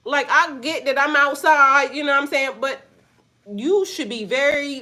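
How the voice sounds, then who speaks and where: A woman with a grown son telling a story to her viewers in a blunt, profane, animated way, full of asides. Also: high voice, moderate pace. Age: adult with a son. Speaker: spiritual vlogger. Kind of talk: casual storytime rant.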